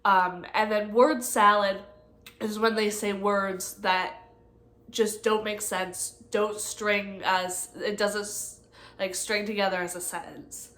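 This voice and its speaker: Young woman talking slowly in an echoey room. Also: mid-range voice, flat delivery, a bit bright. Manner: halting, many ums and likes, self-correcting. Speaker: nursing student presenter. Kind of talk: casual study walkthrough from notes.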